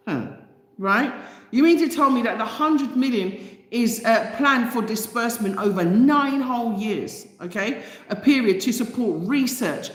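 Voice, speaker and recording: A woman's voice: a little high, lively intonation, a little slow. A woman hosting a channel, reading out a news item and reacting with passionate, indignant commentary full of rhetorical questions. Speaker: channel host. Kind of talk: casual commentary. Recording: echoey room with long reverb.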